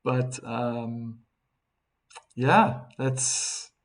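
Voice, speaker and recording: A man's voice: medium pitch, very slow. A man from Africa, hosting a live tennis stream and chatting casually with viewers, reading their comments aloud with frequent restarts. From South Africa.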